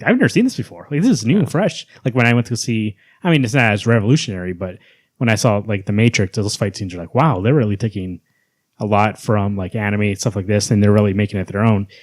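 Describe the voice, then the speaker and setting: A man's voice: fairly low pitch, no echo, studio quality. A man co-hosting a podcast, chatting casually about comic book movies and acting out quotes. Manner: rapid, animated, acts out quotes. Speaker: podcast co-host.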